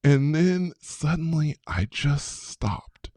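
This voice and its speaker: A man in his fifties, a podcast guest telling a personal story in an animated way and acting out his own past reactions. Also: fairly high pitch, takes it slowly, dry recording, studio quality. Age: 50s.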